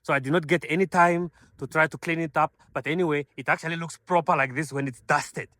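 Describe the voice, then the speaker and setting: A man giving an enthusiastic car walkaround review, pointing out features with frequent fillers and calling his viewers ladies and gentlemen. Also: a little high, steady tone, fast talker, dry recording.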